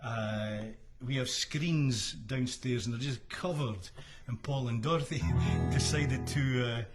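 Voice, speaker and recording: Over music, a Scottish singer-musician hosting a livestream from home in Florida chats between songs in an unhurried, mid-range voice. He has hay fever, wanders off topic, trails off with ums and chuckles a lot.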